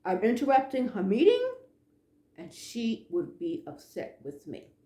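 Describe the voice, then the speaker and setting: A woman telling a ghost story in a casual, animated way, acting out the dialogue and sometimes dropping to a hush. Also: fairly high pitch, a little slow, echoey room. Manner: animated, acts out dialogue, drops to hushed tones.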